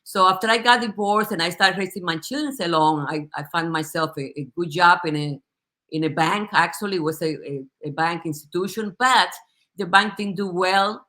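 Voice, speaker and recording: A middle-aged woman from the Dominican Republic, a native Spanish speaker with a Spanish accent, earnestly telling her life story as a guest and laughing easily. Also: on the low side. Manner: warm, earnest, laughs easily, restarts often. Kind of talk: casual personal testimony.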